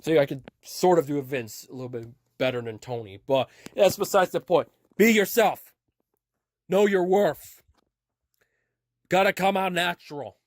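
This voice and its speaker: A man's voice: fairly high pitch, dry recording. Earnest man hosting an audio podcast. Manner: earnest, repetitive, with frequent restarts. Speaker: podcast host. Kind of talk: rambling motivational monologue.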